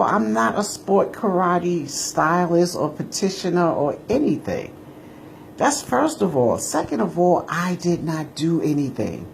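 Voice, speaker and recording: Man with a mellow, husky-edged gravel, pitch swinging widely; combative rant straight to camera. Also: a little hiss or hum. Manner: combative and indignant, repeating himself. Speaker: martial arts teacher answering a rival. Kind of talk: ranting monologue video.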